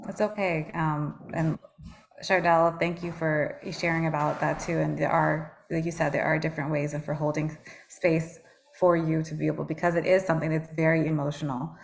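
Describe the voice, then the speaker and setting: Deep, gravelly woman moderating. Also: little pitch movement, moderate pace. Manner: hesitant, with frequent fillers. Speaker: moderator of a patient panel. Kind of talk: online panel discussion.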